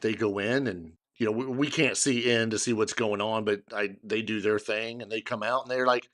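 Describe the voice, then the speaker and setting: Middle-aged man telling a lively story. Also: lowish voice, moderate pace. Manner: animated, acts out others' lines while retelling a story. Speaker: podcast co-host. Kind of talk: casual storytelling chat.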